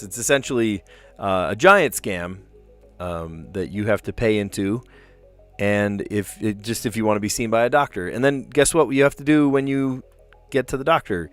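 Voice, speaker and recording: A man's voice: lowish voice, normal speed, a bit bright, faint music behind. An American man hosting a puzzle livestream, chatting casually and rambling, often tagging his points with "right?". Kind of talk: casual chat while solving puzzles.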